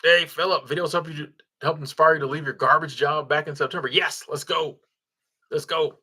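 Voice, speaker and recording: Slightly high, steady, brisk and husky, this man's voice has a bright, forceful tone. He hosts a casual stream, going through viewer comments and thanking supporters while chuckling, umming and restarting often.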